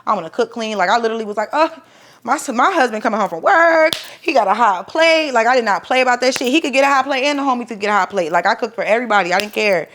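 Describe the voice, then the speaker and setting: A woman's voice: fairly high pitch, quick pace. A young adult woman telling her own story in a candid, profane, casual way, acting out what people said. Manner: candid, profane, animated retelling with acted-out quotes. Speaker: storyteller guest.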